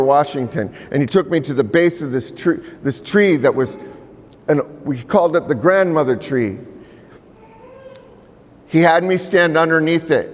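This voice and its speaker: A male storyteller from the Pacific Northwest performing live in a large museum hall. He speaks slowly and conversationally, with a slightly raised pitch and repeated names. The long reverb of the hall trails each phrase. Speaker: storyteller and violinist.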